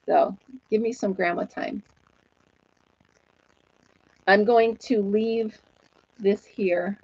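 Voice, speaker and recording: Woman host, 40s, warm casual chatter with viewers, laughs often; flat dull dry sound. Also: medium pitch, drawn-out words, long pauses, husky, dry recording. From New York State. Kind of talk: casual chat.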